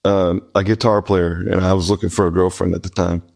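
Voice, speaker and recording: A man with a low, gravelly voice chats as an interview guest. He slips dry jokes into his answers. He speaks in a relaxed, offhand way. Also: fairly quick. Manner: dry, joking asides. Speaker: guest guitarist. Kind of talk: casual interview chat.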